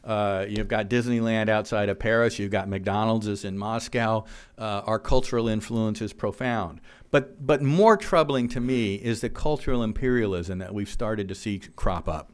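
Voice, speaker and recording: Man, policy talk to a live audience, earnest, smooth resonant voice, frequent fillers. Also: on the low side, moderate pace. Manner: earnest, reads quotes from slides, frequent fillers. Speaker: policy speaker. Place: room with an audience.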